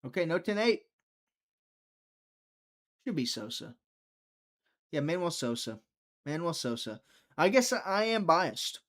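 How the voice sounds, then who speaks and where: A man's voice: on the high side, very animated, unhurried, long pauses, a bit bright. A young man hosting a live fight-watching stream, chatty and teasing, reading viewer chat aloud.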